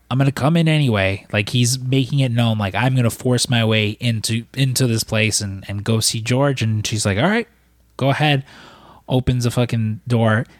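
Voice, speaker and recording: Low-voiced man recapping a film casually. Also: no room sound, clean studio sound. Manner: rambling, profane, lots of fillers. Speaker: podcast co-host.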